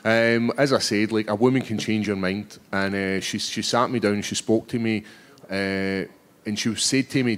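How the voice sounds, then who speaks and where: A Scottish man in his thirties, a fighter answering reporters' questions at a press scrum, cheeky and animated, often stumbling over his words. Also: fairly low pitch, moderate pace. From Scotland. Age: 30s.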